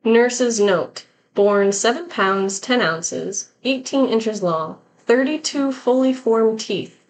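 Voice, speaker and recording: A woman hosts a casual podcast and reads short horror stories aloud between easy chat. She laughs often, and her voice sits a little high. A faint hiss runs under the recording. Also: takes it slowly, low-quality recording.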